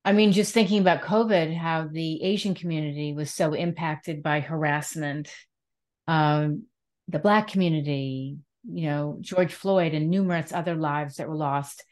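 Lower-voiced woman host. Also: moderate pace, a little mellow. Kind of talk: conversational interview.

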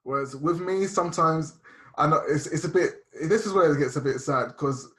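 A man's voice: fairly high pitch, normal speed, a bit bright. Reflective young man, open and rambling. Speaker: podcast guest. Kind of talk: casual podcast chat.

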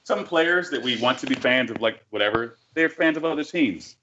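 A man's voice: medium pitch, animated, normal speed, background noise. Podcast co-host, male, rambling profane storyteller, slightly muffled lo-fi sound. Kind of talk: casual sports chat.

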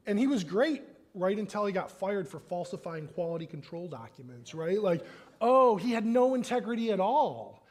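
A man's voice: sits high, big pitch swings, normal speed, a little mellow, a little hiss or hum. A man preaching a sermon as pastor, in a casual conversational manner, often checking in with "right?". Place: church sanctuary.

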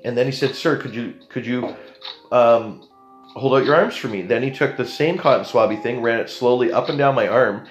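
In an echoey room, a young Canadian man with a mid-range voice tells a story casually and with plenty of animation, slipping into the voices of the people in it.

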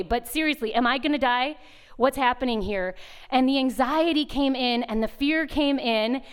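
Animated high-voiced woman telling a story. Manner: animated, acts out sounds and voices. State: pregnant at the time, not now. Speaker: retreat speaker. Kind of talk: storytelling sermon.

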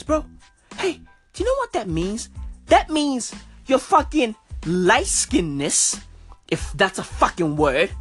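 A woman's voice: mid-range voice, slightly rough. A woman hosting a podcast, delivering an incredulous, profane comic rant and repeating "bro" constantly. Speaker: podcast host.

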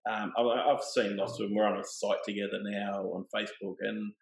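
Middle-aged man, guest, rambling and chuckly, slightly low voice, roomy recording. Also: flat delivery, fairly quick, gravelly. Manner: laid-back, rambling, laughs often. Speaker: interview guest. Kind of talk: casual storytelling. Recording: roomy echo.

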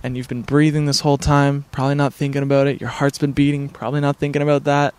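A man's voice: mid-range voice, flat delivery, quick pace, clean tone, no room sound. A man in a casual vlog, talking to camera at home near his backyard, rambling in an earnest, laid-back, spiritual way with many fillers. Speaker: vlogger.

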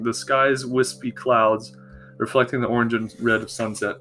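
Man narrating a fantasy story slowly. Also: mid-range voice, level tone. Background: soft guitar music.

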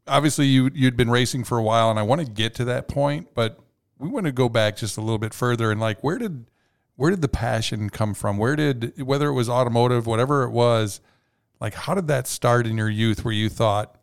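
Gravelly-voiced male podcast host. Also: medium pitch, fairly quick. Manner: rambling, many restarts when asking questions. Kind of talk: casual interview chat.

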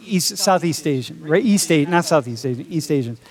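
A man's voice: fairly high pitch, animated, brisk. A man teaching a college class, talking in a joking, casual way and calling students dude and bro. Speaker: college instructor. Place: lecture classroom.

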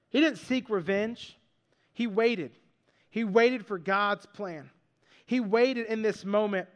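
A man giving an earnest, conversational sermon, acting out the lines he quotes. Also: high-pitched. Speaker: pastor.

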